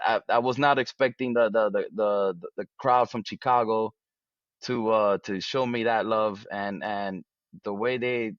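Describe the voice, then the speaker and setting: A man's voice: on the low side, dry recording, dull audio. A man as an interview guest, talking casually with many restarts and fillers.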